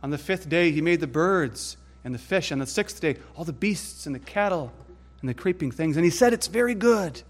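Emphatic preacher, a man with a higher voice. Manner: emphatic, deliberate preaching with rising stress on lists. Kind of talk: sermon.

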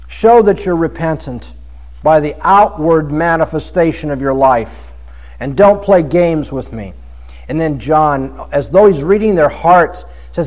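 Animated man preaching a Bible sermon. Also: on the high side, unhurried, rough recording. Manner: lively preaching, swings from soft to emphatic. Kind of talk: expository sermon.

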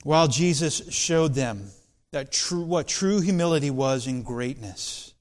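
Slow, high-voiced man preaching. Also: expressive, darkish tone. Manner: slow, deliberate preaching with rising emphatic passages. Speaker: pastor. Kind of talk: expository sermon.

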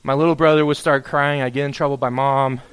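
A man's voice: mid-range voice, little pitch movement, brisk, a bit bright, smooth. A man preaching a sermon, reading scripture and then acting out a prophet's pleading complaints to God. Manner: reads scripture then expounds, acts out a pleading prophet with rising intensity. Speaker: pastor.

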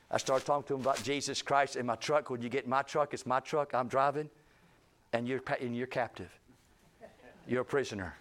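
A male pastor telling a story in a sermon, acting out the people he quotes with rising intensity. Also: mid-range voice. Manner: animated, acts out quoted speech with rising intensity.

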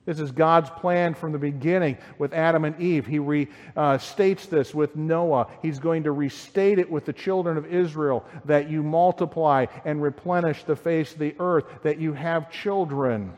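Male pastor, slightly higher voice, measured and explanatory, sermon in a hall with long reverb. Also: fairly even intonation, a little mellow. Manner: measured, explanatory, reads scripture aloud.

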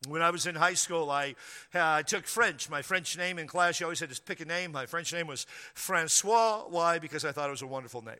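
A man preaching a sermon as pastor, telling stories and slowing down to stress key words. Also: on the high side, bright, forceful tone. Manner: storytelling, slows down for emphasis, plays out quoted voices. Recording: long church hall reverb.

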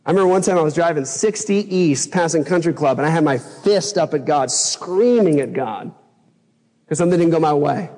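A man's voice: on the high side, a little fast, darkish tone, in a large hall. A man preaching a sermon as pastor, impassioned, acting out his own past outbursts in a raised voice. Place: church sanctuary.

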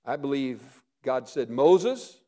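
Earnest high-voiced preacher man. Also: expressive, moderate pace. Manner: earnest, dropping to hushed tones for emphasis. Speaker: pastor. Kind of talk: sermon.

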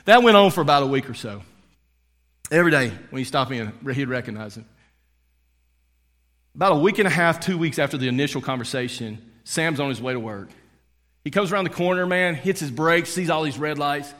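A man preaching in a relaxed, conversational way, telling a story with frequent "uh"s and "and, um"s. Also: on the high side, a little fast, long reverb tail. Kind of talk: storytelling sermon.

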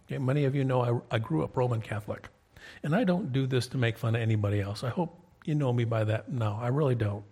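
A man's voice: mid-range voice, fast, mellow, breathy edge. A man in his fifties preaching a sermon, telling stories in a conversational way and often checking in with "okay?". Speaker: pastor.

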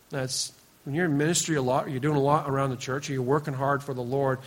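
A man preaching a sermon to his congregation, earnest and emphatic, often dropping to a quieter, lower voice and addressing listeners by name. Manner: speaks directly to the congregation, teasing members by name. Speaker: pastor.

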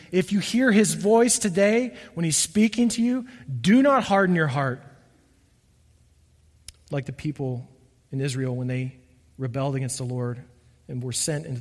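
A middle-aged man preaching a sermon earnestly, often dropping to soft, emphatic lows. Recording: long reverb of a church hall.

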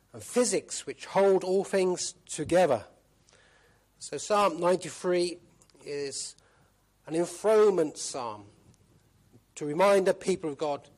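Emphatic high-voiced male preacher. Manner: emphatic, repeats key phrases; asks rhetorical questions. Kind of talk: sermon.

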